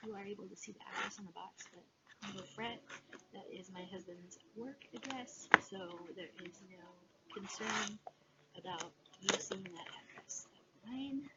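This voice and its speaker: A woman chatting casually in a haul video, gushing with excitement and filling pauses with "um". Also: mid-range voice. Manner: excitable, gushing, many fillers. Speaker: cross-stitch vlogger. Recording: dull lo-fi sound with background noise.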